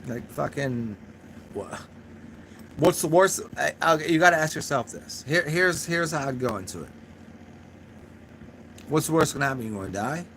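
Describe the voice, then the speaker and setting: A man's voice: on the high side, lively intonation, normal speed, pauses often, a bit bright, a little hiss or hum. A young man hosting a casual livestream, talking to his chat in a rambling, profane way, a little drunk and laughing at his own jokes. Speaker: channel host answering live chat.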